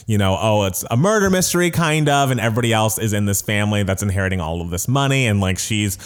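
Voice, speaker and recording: Chatty low-voiced male podcast host. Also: expressive, clear, resonant tone. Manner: chatty, giggly, quick to gush. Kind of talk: casual chat.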